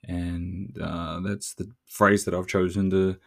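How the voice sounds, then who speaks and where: A man's voice: deep voice, level tone, slow pace, vocal fry. A man from New Zealand with a New Zealand accent, talking in a casual, profane, slangy monologue with frequent laughs.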